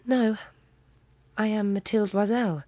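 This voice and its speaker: A woman's voice: mid-range voice, steady tone, slow pace, mellow, no room sound, pitched above the performer's own voice. A woman reading the part of a poor, worn-down Frenchwoman who speaks earnestly and with rising emotion. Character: worn-down poor Frenchwoman, middle-aged, proud.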